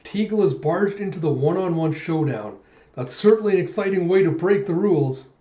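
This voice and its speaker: A man voicing an excited male sports arena announcer, calling the action in a raised, emphatic voice. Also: on the high side, a little fast, reverberant, highs cut off, pitched above the performer's own voice, close to an everyday voice.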